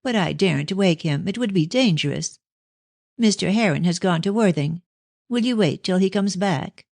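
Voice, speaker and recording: A woman's voice: medium pitch, animated, moderate pace, creaky, dry recording, voice pushed up. A woman voicing a talkative old nurse who fusses over a girl with fond, confiding talk. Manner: warm and fussing, with "my dear".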